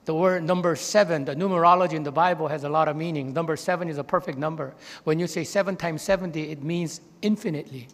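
Speaking fast and barely pausing, this pastor preaches a sermon in a church sanctuary where the room sounds big. He tells stories throughout, quoting characters in a raised pitch.

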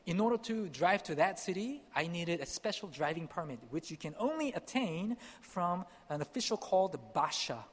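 A young man from Korea telling a personal testimony as a missionary speaker, animated and acting out the dialogue. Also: high voice, moderate pace, few pauses. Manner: animated, acts out dialogue, laughs at himself. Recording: long hall reverb.

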